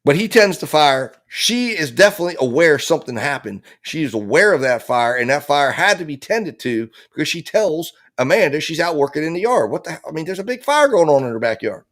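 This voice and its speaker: A man's voice: fairly high pitch, very animated, fairly quick, hardly any pauses, fairly bright tone. Blunt, emphatic male legal commentator. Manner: emphatic and blunt, with frequent profanity and repeated phrases. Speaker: host of a true crime legal analysis show.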